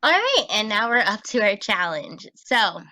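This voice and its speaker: A woman teacher giving a recorded phonics lesson for children, sounding out words slowly and patiently. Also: mid-range voice, very animated, pushed and bright, no room sound.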